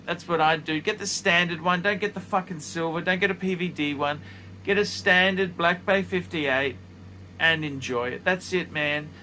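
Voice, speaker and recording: A man's voice: a little high, normal speed, pushed and bright, slight background noise. A man in his fifties giving blunt, profane, emphatic advice, talking casually in his office studio. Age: 50s. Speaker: watch reviewer.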